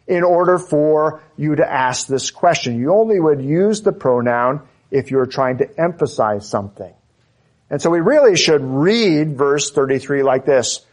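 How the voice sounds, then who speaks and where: A man preaching an expository sermon, emphatic and deliberate, repeating key phrases for stress. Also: a little high.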